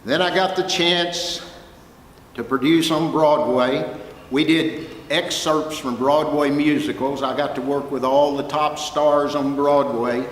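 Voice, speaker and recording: An older man with a Texas drawl spins folksy, lively anecdotes for a room of students. His voice carries through a large hall with a long echo. Faint room noise sits underneath. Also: on the high side. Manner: folksy, animated anecdotes with quoted dialogue. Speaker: guest speaker, music producer. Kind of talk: storytelling talk to students. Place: lecture hall.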